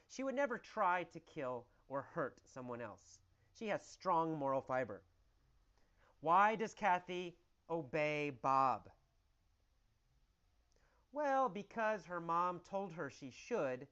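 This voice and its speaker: Male English teacher, lively storytelling delivery, answers his own questions, slightly muffled lo-fi recording. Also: a little high. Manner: animated, exaggerated storytelling with repeated questions and answers.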